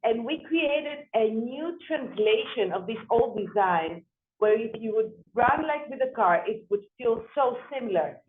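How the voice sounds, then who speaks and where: A woman architect telling a story in an interview, animated, often repeating and restarting her words. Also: fairly high pitch, measured pace. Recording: tinny phone-like sound.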